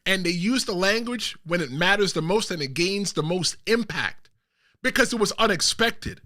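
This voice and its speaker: A man hosting casual wrestling commentary, animated and playful, talking in street slang. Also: high-pitched, moderate pace.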